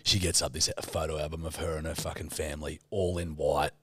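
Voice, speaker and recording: A man's voice: extremely low pitch, level tone, fairly quick, slight background noise. A young Australian man co-hosting a podcast, bantering bluntly and swearing constantly as he teases his co-host. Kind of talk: casual banter.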